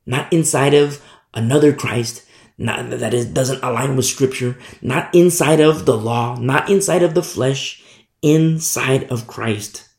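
A man's voice: medium pitch, unhurried, a little mellow. A man teaching a Bible sermon with fervent, emphatic repetition. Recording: roomy echo.

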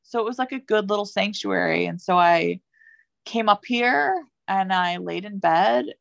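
A woman's voice: mid-range voice, a little slow, vocal fry, no echo. A young adult woman, a podcast guest, telling a personal story in a casual, chatty way with many fillers. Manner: chatty, many fillers, lively when quoting herself. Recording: dull lo-fi, dry sound.

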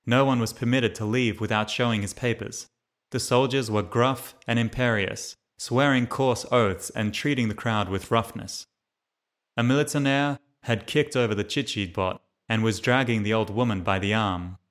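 A man's voice: on the low side, moderate pace, a bit bright. A man narrating a memoir as an audiobook reader, reading steadily and lifting his voice for the quoted lines.

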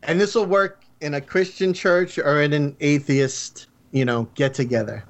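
A man's voice: steady tone, normal speed. A man guest on a comedy podcast, jumping in with jokey punchlines. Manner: jokey, pitches punchlines with bursts of energy. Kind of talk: casual comedic chat.

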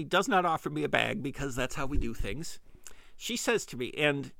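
A man's voice: mid-range voice, sharp tone, no echo, clean studio sound. A middle-aged man hosting a podcast, telling a casual comedic story in a rambling, self-deprecating way with frequent restarts. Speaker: podcast host.

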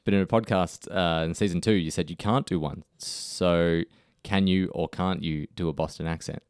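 Deep-voiced man in casual podcast chat. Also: fairly even intonation, normal speed, a little mellow, clear, resonant tone, dry recording, studio quality. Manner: self-deprecating, laughs at himself. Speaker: podcast co-host.

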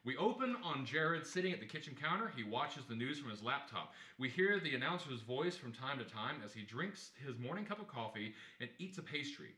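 A man's voice: mid-range voice, sing-song, fairly quick, hardly any pauses, sharp tone, roomy sound. A man hosting a play reading and reading the stage directions, chatty, with jokey asides. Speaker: organizer and stage-direction reader.

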